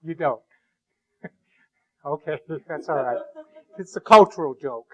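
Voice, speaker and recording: A man's voice: on the high side, lively intonation, darkish tone, poor audio. Joking, rambling man lecturing a class. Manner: rambling and joking, with many halting restarts. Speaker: university lecturer.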